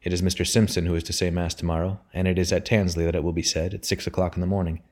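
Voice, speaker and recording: A stern old father, curt and obstinate, who growls his words with a cold irony and flares into roaring anger. A man reads him out in a deep, low voice. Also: little pitch movement, very fast, a little mellow.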